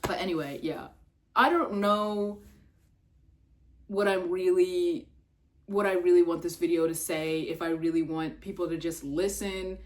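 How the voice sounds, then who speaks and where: A young adult woman vlogging in a casual, rambling way, full of fillers and swearing, jumping up in pitch when exasperated. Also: steady tone, unhurried. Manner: filler-heavy, swears, trails off and restarts.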